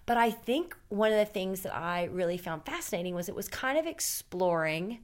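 A woman's voice: medium pitch, animated, normal speed. Rambling, candid woman podcast host. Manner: rambling and candid, with many fillers. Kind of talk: casual chat.

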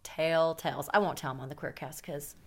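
A woman's voice: low voice, fairly even intonation, brisk. A woman hosting a podcast, chatting casually and candidly, rambling with lots of fillers. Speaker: podcast host. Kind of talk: casual chat.

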